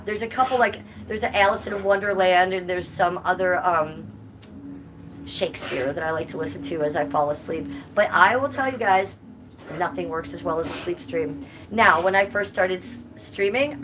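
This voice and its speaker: A woman streaming live from home, chatting loosely and reading out viewer comments as she goes. Her voice sits a bit low, and a steady background noise runs under it. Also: normal speed. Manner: chatty, reads chat aloud and answers viewers. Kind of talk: casual live-stream chat. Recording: noisy background.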